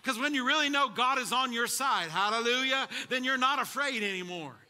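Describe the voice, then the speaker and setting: A man preaching a sermon, calling out to his congregation and building to shouts at the high points. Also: brisk, clear, resonant tone. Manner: call-and-response preaching to a congregation. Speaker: pastor.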